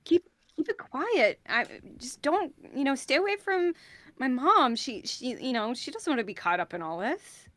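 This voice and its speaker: A woman's voice: high voice, big pitch swings, moderate pace, a bit bright. A woman doing a curt, dismissive young daughter. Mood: annoyed.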